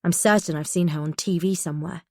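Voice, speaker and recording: A woman reading a first-person thriller audiobook in a tense, measured way. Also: lowish voice, fairly even intonation, dark tone, dry recording, clean studio sound. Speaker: audiobook narrator.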